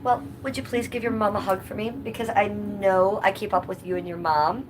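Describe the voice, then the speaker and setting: A woman's voice: mid-range voice, fairly even intonation, moderate pace, noisy background. A woman hosting a livestream, chatting casually and bluntly with viewers and swearing freely. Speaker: livestream host. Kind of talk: casual livestream chat reading comments.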